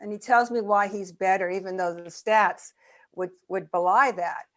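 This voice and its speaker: A woman documentary filmmaker telling an animated story in a video-call interview. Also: moderate pace. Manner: lively storyteller, voices raise high when acting out quotes.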